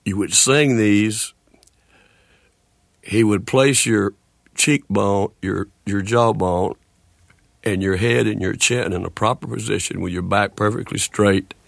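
Gravelly halting man in his sixties. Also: lowish voice, steady tone, dry recording, clean studio sound. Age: 60s. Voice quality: gravelly, with a speech disorder. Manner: halting, with restarts and slow deliberate phrasing. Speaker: guest, country singer. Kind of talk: radio interview.

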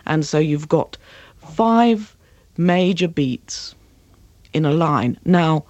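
A woman acting and voice coach, talking passionately as an interview guest and slipping into slow, dramatic readings of verse. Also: sits low, darkish tone, no echo, lo-fi sound.

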